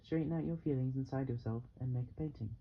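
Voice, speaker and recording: A stern male art teacher who barks short commands and scolds his student, read by a man. The voice is in a middle pitch. The recording is slightly dull, with faint background hiss. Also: fast, natural voice. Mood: firm.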